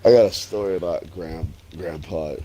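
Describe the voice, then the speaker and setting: A man in his forties, a streamer, chats casually while gaming in a low, warm voice at a moderate pace. He tells stories full of swearing and laughter, with slight background noise behind him.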